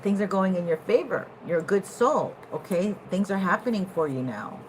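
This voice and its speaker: A woman giving a casual tarot reading to her viewers, animated, at times laughing and jumping from quiet musing to loud excited bursts. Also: medium pitch, normal speed, a little hiss or hum, poor audio. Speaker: tarot reader.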